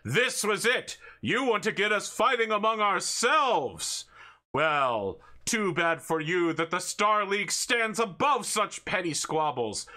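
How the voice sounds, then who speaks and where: A bold comic-book hero captain, earnest and righteous, as a man puts him on. The voice rides up high and proud with a bright, forceful edge, speaking in booming declarations. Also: very animated, takes it slowly, exaggerated voice. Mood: heroic.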